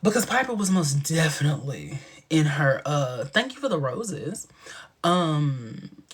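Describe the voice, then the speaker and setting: A man with a husky, slightly breathy voice hosts a casual livestream and chats straight to his viewers. He tells stories with animation, acting out quoted lines and slipping into hushed asides. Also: a little high, sing-song, unhurried. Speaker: livestream host.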